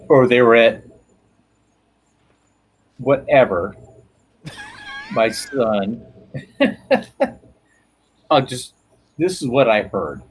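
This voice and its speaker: Middle-aged guy, kinda raspy, swearing a lot and rambling, laughing at his own stories. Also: mid-range voice, poor audio. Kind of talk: casual chat.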